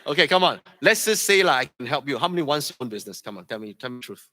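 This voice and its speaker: A man with a Malaysian English accent giving a lively live seminar talk, quizzing the audience and tagging lines with "okay?". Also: medium pitch, racing. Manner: energetic, quizzes the crowd, tags lines with "okay?". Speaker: seminar speaker.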